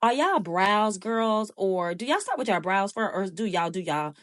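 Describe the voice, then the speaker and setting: A woman's voice: medium pitch, expressive, a little slow, no echo. Chatty woman, dry close sound. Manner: chatty, playful sound effects, talks to viewers as y'all. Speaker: beauty vlogger. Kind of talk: casual tutorial voice-over.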